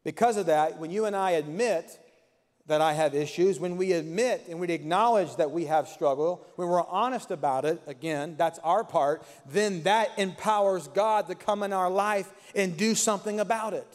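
High-voiced preaching man in echoing hall. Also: normal speed. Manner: impassioned, repetitive preaching cadence. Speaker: pastor. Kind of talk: sermon. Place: church sanctuary.

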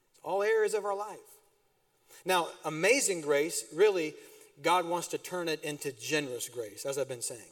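A middle-aged man preaching a sermon as pastor, telling animated stories with sudden loud bursts and quiet drops. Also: a little high. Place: church sanctuary. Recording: distant mic in a reverberant church hall.

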